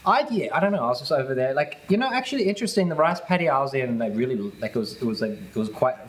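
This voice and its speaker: Male co-host; lively, sing-song delivery, rambling jokey banter. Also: medium pitch, rapid-fire, rough recording. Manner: rambling, trails off into hums and sound effects. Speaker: podcast co-host. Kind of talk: joking banter.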